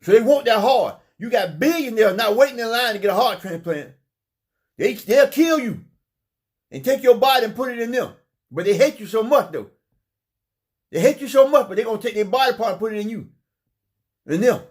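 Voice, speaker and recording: A man's voice: extremely high pitch, animated, brisk, pauses often. A man delivering an impassioned preaching monologue, fervent, often repeating phrases and stumbling over his words. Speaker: religious speaker.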